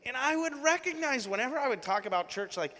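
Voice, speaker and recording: A man's voice: very high-pitched, lively intonation, quick pace, bright, forceful tone. A man preaching in a casual, earnest storytelling way, full of fillers and restarts. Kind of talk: sermon storytelling. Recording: long hall reverb.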